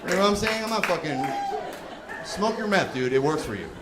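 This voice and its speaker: A man in his thirties performing profane, animated stand-up on a comedy club stage into a handheld mic. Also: sits high, fairly quick. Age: 30s. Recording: echoey club with crowd noise.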